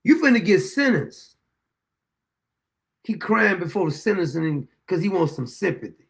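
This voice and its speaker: A man's voice: high voice, very animated, measured pace, creaky, a bit bright. A man hosting a show, reacting to a courtroom video in a blunt, profane, indignant way, rambling with restarts. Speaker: show host.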